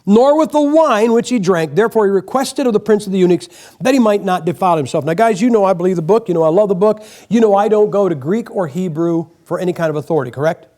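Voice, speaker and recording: A man's voice: sits high, fast, dark tone. An older man preaching a folksy, joking sermon in a church, acting out quotes as he goes. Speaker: guest preacher. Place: church sanctuary.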